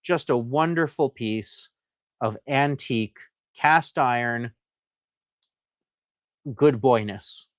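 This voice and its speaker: A chatty, enthusiastic man hosts a live sale of antiques and keeps up a loose, rambling patter. His voice sits at an ordinary middle pitch. The sound is dry and close, with no room echo. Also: slow pace, long pauses. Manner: chatty and enthusiastic, reads viewer comments aloud; loose and rambling, with frequent fillers. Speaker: host selling antiques on a live stream. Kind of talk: live sales presentation.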